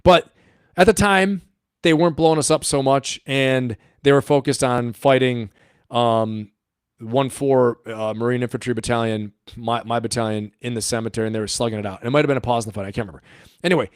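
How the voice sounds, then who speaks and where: A man's voice: medium pitch, fairly quick, smooth, no room sound, studio quality. A middle-aged man hosting a livestream, telling a story in a rambling, profane way and laughing often. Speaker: livestream host and coach.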